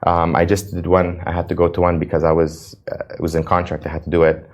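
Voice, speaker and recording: Deep-voiced earnest man in an interview. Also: monotone, fast talker. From United States. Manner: earnest and impassioned, with frequent restarts. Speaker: interview guest. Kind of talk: emotional interview talk.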